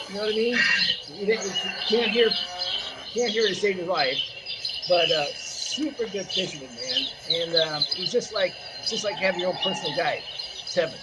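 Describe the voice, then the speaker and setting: An older man in his sixties with a slightly high voice, chatting casually as co-host. He tells long, rambling anecdotes, with lots of filler. His delivery is loose and conversational. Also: normal speed, long pauses, heavy background noise. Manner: rambling, animated anecdotes full of "man" and "you know what I mean". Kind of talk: casual storytelling chat.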